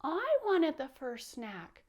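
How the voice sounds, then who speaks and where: A woman voicing a whiny little boy bug who pouts and cries at everything, in a wailing, drawn-out crying whine. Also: sits high, wildly swooping pitch, a little mellow, voice pushed up, full character voice. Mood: whining. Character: whiny crybaby bug boy, always pouting.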